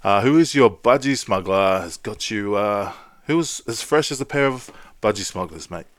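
A man's voice: on the low side, expressive, normal speed, no echo, studio quality. A man hosting a podcast, chatting casually and laughing often with Aussie slang. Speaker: podcast host. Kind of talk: casual chat. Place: home, living abroad.

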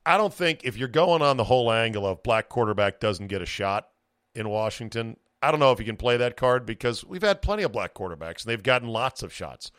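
A man's voice: medium pitch, animated, a little fast, a bit bright, clear, resonant tone, dry recording, studio quality. A man hosting a podcast, chatting about sports in a profane, opinionated way and acting out what players might say. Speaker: podcast host. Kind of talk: casual sports chat.

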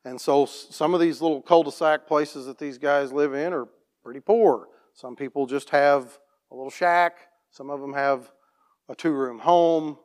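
A plain-spoken man tells a church testimony story as a farm operator, restarting his sentences and clearing his throat often. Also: a little high, moderate pace.

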